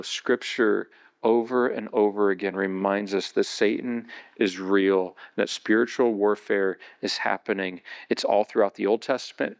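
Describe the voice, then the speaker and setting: Retelling a Bible story with vivid energy, a gravelly-voiced male pastor preaches and climbs into excited, high-pitched stretches.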